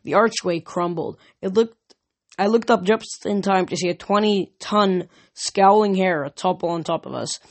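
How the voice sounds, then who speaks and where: A reader narrating a novel chapter aloud in steady first-person storytelling. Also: mid-range voice, moderate pace. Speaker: audiobook reader. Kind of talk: fan audiobook narration.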